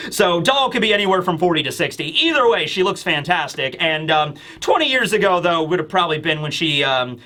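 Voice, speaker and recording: A man's voice: fairly high pitch, very animated, fairly quick, few pauses, bright, forceful tone. A man reviewing a comic chapter in casual chat, rambling and thinking aloud with many fillers. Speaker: anime and manga reviewer.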